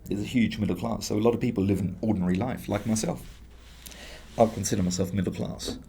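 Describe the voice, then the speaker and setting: Quick and creaky, his voice sitting on the low side, a London-accented man talks as a guest in an easygoing conversation with slight noise behind him. He's from England and brings his anecdotes to life by performing the quoted voices.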